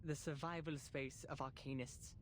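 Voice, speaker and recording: A man's voice: mid-range voice, steady tone, moderate pace, a little hiss or hum, lightly acted. An actor playing a grandiose man delivering a florid, theatrical eulogy in a game. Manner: theatrical, pompous, declamatory. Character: grandiose male mourner giving a florid eulogy. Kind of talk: game voice acting.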